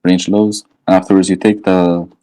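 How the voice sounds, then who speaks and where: A man's voice: sits low, little pitch movement, normal speed, mellow, low-quality recording. A man walking through trading charts live in a casual, slangy way, thinking aloud and often checking in with "right?". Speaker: trading educator.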